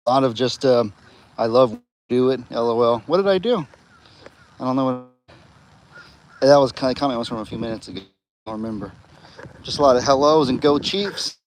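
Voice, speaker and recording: A man's voice: fairly quick, pauses often, slight background noise. Chatty young man livestreaming outdoors. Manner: chatty, coos at animals in a high voice and calls them loudly. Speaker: farm livestream host. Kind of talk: casual live-stream chat. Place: outdoors on a farm among animals.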